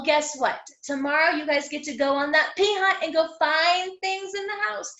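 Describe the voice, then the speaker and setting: A woman teaching young children an online phonics lesson, sounding out letters slowly in an encouraging, sing-song way. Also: high voice, fairly bright tone, roomy sound, highs cut off. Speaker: kindergarten teacher. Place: home room.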